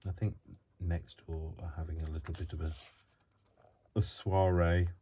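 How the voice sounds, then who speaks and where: A man's voice: sits low, little pitch movement, a little slow. A man hosting a crafting tutorial, chatting in a rambling way full of self-mocking asides. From United Kingdom. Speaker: crafting channel host. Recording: loud noise from a faulty microphone.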